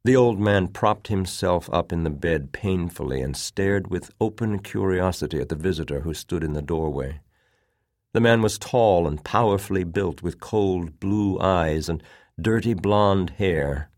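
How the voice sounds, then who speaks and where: Male narrator, low voice, measured audiobook read, dry booth. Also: no room sound. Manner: steady, measured reading.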